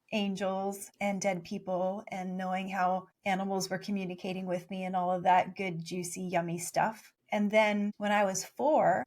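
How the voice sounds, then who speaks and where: A woman in her forties telling her story in a casual interview, playful and animated, laughing often. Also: medium pitch. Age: 40s. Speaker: guest, spiritual channel.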